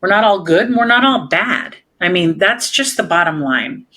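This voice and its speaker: A woman's voice: lowish voice, animated, moderate pace, pushed and bright. A woman police officer, a guest in an interview, telling her stories in a candid and emphatic way and laughing often.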